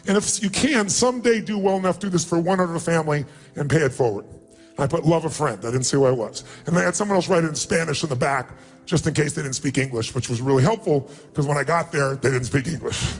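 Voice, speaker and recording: A man's voice: a little high, fast talker. A man telling a personal story as a motivational speaker, emotional and emphatic, acting out quotes.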